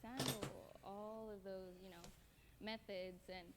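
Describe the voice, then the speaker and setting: Young mom, earnest and halting, with heavy background noise in the recording. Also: female voice, mid-range voice, fairly even intonation. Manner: earnest, hesitant. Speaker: young mother in a video. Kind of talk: interview-style discussion.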